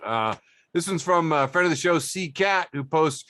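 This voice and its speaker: A man hosts a loose comedy podcast and reads out jokes, chuckling as he goes. His voice sits at a middling pitch but moves up and down a lot. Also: lively intonation, normal speed, bright, forceful tone. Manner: laughs often while reading out posts. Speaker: podcast host. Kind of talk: casual comedy podcast chat.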